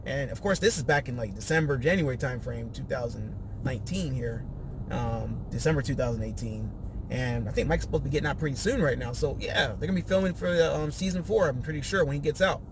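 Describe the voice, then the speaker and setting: A man's voice: mid-range voice, fast talker, noisy background. A man hosting a casual podcast, recapping a reality show and acting out quotes in raised voices.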